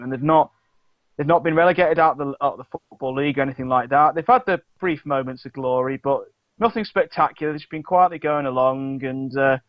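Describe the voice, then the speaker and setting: A fairly high-voiced man chats about football in a halting way, stopping and restarting his sentences. His voice comes through a dull, lo-fi mic in a dry room. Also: no room sound. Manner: halting, many restarts and fillers. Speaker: podcast co-host. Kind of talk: casual sports chat.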